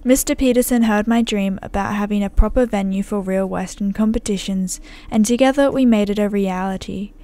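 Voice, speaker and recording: A woman's voice: mid-range voice, fairly quick, few pauses, mellow, close to an everyday voice. A woman reading aloud the lines of a friendly male Western ranch hand from a game, in a folksy, welcoming manner.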